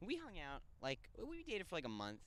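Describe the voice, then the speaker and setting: Animated young man telling a story. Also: on the high side, brisk. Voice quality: crude, joking banter. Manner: animated, swings from loud to mumbled asides. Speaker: podcast co-host. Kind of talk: casual storytelling chat.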